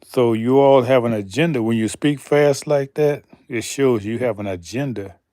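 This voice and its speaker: A man hosting a slow, deliberate commentary monologue, emphatic and pausing often, asking pointed rhetorical questions. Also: medium pitch, warm tone, no echo, studio quality. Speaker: channel host.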